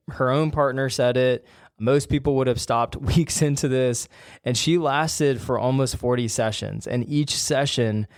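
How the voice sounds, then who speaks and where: A man's voice: medium pitch, darkish tone, dry recording, studio quality. A man hosting a podcast, talking in an emphatic, fired-up, plain-spoken way. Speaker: podcast host and ACL rehab coach. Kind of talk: casual solo podcast talk.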